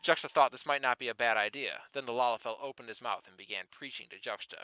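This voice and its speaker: Bright, dry-voiced man reading mock-seriously. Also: medium pitch, quick pace, clean tone, no echo, poor audio. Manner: mock-serious narration broken by laughing asides. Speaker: podcast host reading fan fiction aloud. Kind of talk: comedic dramatic reading.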